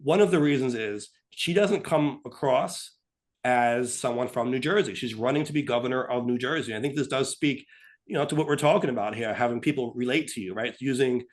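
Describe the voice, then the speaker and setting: Brief: male co-host, animated, mimics voices mid-talk. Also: mid-range voice. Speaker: podcast co-host. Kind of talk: casual political talk.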